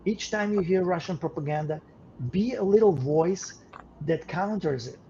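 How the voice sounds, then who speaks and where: A man's voice: sits high, normal speed, creaky, mellow. A man co-hosting a casual podcast, talking earnestly and often repeating words as he starts a phrase. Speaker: podcast co-host. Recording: dull lo-fi sound with faint noise.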